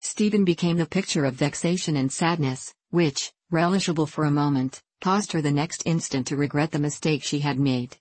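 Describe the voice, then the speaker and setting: A woman narrating a novel in a measured, steady reading. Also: deep voice, no echo, low-quality recording. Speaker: audiobook narrator. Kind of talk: scripted narration.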